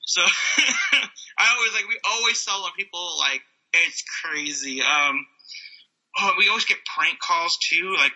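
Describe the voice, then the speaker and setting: A high-pitched man in his thirties rambles through casual stories, leaning on constant fillers and dropping into goofy character voices. His tone is very bright and sharp. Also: lively intonation, measured pace, poor audio. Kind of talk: casual storytelling monologue.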